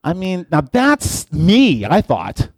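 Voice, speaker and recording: A man's voice: high voice, wildly swooping pitch, slow, no echo. A middle-aged man, a pastor, giving a playful, chatty sermon and talking directly to his listeners. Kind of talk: casual sermon.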